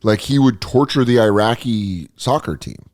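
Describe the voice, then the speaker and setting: A man's voice: lowish voice, animated, moderate pace, a little mellow, dry recording, studio quality. A man hosting a podcast in casual, profane comedic chat, riffing and slipping into mock voices. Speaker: podcast host.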